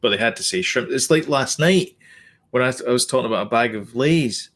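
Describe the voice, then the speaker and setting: Podcast co-host, male, mid-pitched, rambly and chatty. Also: lively intonation, a little fast, fairly bright tone. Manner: chatty, rambling, self-correcting explanations. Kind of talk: casual chat.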